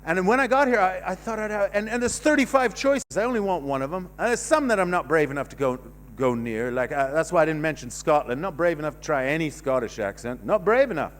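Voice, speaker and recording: Rambling Canadian comedian with a high, lively voice. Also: male voice, fast, hardly any pauses. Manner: rambling, self-mocking, swearing freely, trailing off. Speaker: stand-up comedian. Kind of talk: stand-up set. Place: comedy club stage.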